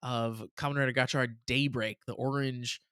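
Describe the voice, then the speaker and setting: A man co-hosting a casual reaction podcast, chatty and quick to laugh as he recaps episodes. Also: mid-range voice, clean tone, no room sound, studio quality. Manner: chatty, laughs often, animated retelling. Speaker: podcast co-host.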